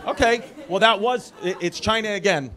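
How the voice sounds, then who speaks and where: A man's voice: sits high, normal speed. A man doing stand-up comedy, teasing the front row in a rambling way that keeps cutting itself off. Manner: rambling, teasing, self-interrupting. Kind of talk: stand-up comedy with crowd work. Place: comedy club. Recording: live club with loud crowd and noise.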